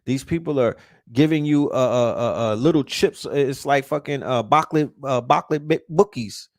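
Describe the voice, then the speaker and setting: A man's voice: medium pitch, moderate pace, darkish tone, no room sound, studio quality. A man ranting casually, emphatic and profane, often restarting words when fired up. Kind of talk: casual rant.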